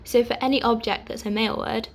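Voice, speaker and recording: A young woman teaching an online language lesson, patient and clear, pausing to let learners repeat after her. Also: a little high, fairly even intonation, a little hiss or hum. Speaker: French teacher.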